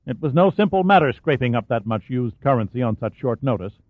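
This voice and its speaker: A man reading an audiobook, voicing a deadpan, testy male police commissioner. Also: mid-range voice, fairly quick, no room sound, natural voice. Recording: dry, phone-like narrow sound.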